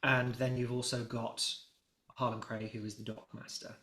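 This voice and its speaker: A man's voice: mid-range voice, level tone, normal speed, sharp tone. A man narrating as game master of a tabletop game, rambling, with many fillers and restarts. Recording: roomy echo.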